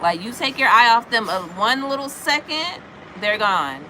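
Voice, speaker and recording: A woman in her thirties tells a story to her viewers in casual chat, animated and quick to act out other people's lines in a high voice. Her tone is bright and crisp. Faint noise hums behind her. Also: rough recording. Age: 30s. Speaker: livestreamer chatting with viewers.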